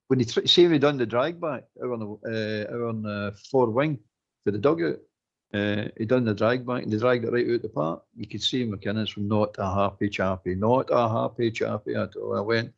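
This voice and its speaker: A Scottish man on a fan phone-in, his voice gravelly and husky. He rants in animated, exasperated bursts over dull, lo-fi audio. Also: mid-range voice, normal speed. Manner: animated, exasperated ranting with laughs. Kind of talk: casual football chat.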